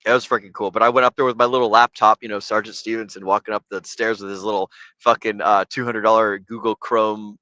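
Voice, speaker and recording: A man's voice: on the low side, sharp tone, no echo, poor audio. A man co-hosting a casual podcast, telling loose stories full of fillers and swearing. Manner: profane, loose storytelling with many fillers. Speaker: co-host.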